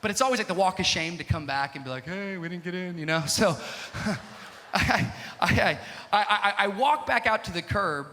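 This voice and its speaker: A male pastor telling a story in a sermon, acting out the dialogue and building up to shouting, in a reverberant church hall. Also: sits high, lively intonation, normal speed, slight background noise.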